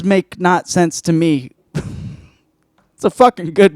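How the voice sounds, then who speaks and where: A man's voice: high-pitched, fairly even intonation, takes it slowly, pauses often, darkish tone, dry recording. Rambling, profane man in a dry room. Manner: rambling, profane, self-interrupting. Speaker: podcast host. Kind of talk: casual film review chat.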